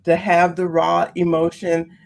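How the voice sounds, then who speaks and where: A woman on a podcast, earnestly telling a personal story, her voice leaping up in pitch when she gets animated. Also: measured pace, vocal fry. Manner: earnest, repeats phrases for emphasis. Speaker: podcast guest, speaker on seizing the day.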